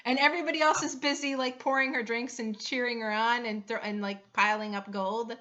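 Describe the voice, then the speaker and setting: A woman's voice: fairly high pitch, steady tone, a little fast, pushed and bright. A woman running a tabletop game as game master, chatty and giggly, explaining the rules step by step. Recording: dull lo-fi recording.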